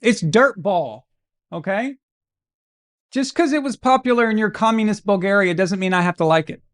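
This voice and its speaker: A man's voice: high-pitched, expressive, moderate pace, a bit bright. A man from Arkansas hosting a live football watch-along stream, giving casual commentary full of crude, brash, mocking humor.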